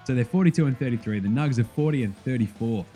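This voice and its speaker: A man with an Australian accent hosting a sports podcast, talking excitedly in casual commentary, laughing and swearing freely. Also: medium pitch, fast, soft background music.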